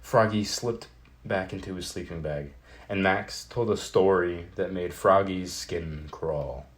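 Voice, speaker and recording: A man reads a children's picture book aloud in a very low voice. He takes his time, slow and deliberate, with an even, steady storyteller's pace. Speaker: storybook narrator.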